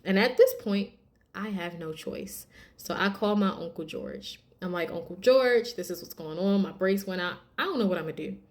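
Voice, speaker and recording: A woman, telling a personal testimony in a casual, animated way and acting out quoted lines. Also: lowish voice, moderate pace. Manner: animated, addresses viewers as y'all, acts out quotes. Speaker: vlogger sharing a testimony.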